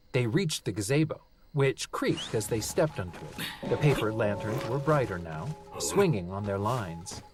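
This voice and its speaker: Expressive, lively audiobook narrator. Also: medium pitch, slight background noise. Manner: expressive storytelling. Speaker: audiobook reader.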